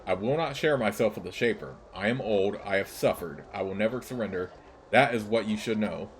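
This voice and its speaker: A bitter old servile woman who leads a rebellion, as a man reading a game puts her on, her words slow, clipped and broken. The voice sits low and even, with faint noise underneath. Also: natural voice. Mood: defiant. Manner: slow, halting, broken phrasing.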